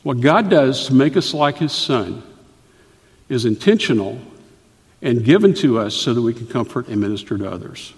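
A middle-aged male pastor delivering a sermon in an earnest, deliberate way, often stopping to explain a point. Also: mid-range voice, expressive, breathy edge. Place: church sanctuary. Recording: reverberant church hall.

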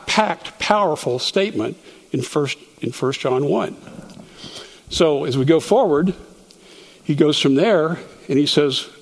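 A man's voice: a little high, breathy edge, in a large hall. A man teaching a Bible study verse by verse, explaining as he goes and often stopping to restart a word. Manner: explanatory, stops to restart words.

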